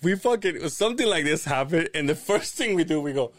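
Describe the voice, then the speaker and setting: Animated laughing man telling a story. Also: on the high side, fairly quick, no echo. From Latin America. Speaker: podcast host. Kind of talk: casual podcast chat.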